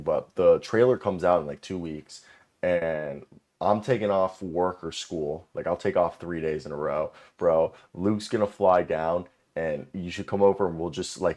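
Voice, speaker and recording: A man's voice: deep voice, a little mellow. Casual young man chatting on a stream. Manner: loose, swearing, talks over his co-host. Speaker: podcast host. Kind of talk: casual chat. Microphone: desk microphone.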